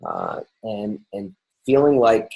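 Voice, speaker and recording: A man's voice: on the low side, huge pitch swings, slow, creaky, dark tone, low-quality recording. A middle-aged man from New York hosting a podcast, talking in an upbeat, rambling way with many restarts and fillers. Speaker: podcast host. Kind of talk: casual interview chat.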